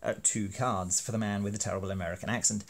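A man's voice: on the low side, steady tone, fast talker, gravelly. A man explaining a teaching card game in a playful, self-deprecating, hammy way. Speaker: university lecturer making teaching videos. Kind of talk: educational explainer.

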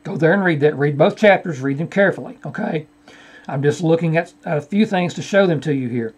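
A man's voice: fairly high pitch, a little fast, husky. A man teaching from a shared screen, arguing a scripture point and addressing his opponent directly. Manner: argumentative, repeatedly addressing an opponent by name. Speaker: Bible teacher. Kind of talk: screen-share Bible study rebuttal.

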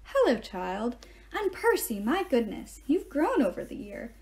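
A kindly old centaur mentor speaks calmly and gravely, read by a woman. The voice sits a little high yet stays soft and mellow. He sounds weary and fatherly, like a storybook teacher. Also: measured pace, heavily acted. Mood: grave, gentle. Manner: calm, gentle and grave. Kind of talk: reading aloud.

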